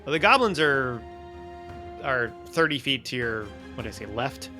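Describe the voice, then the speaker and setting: A man's voice: mid-range voice, animated, normal speed, over music. A man running a tabletop game as dungeon master, narrating loosely with restarts and laughs.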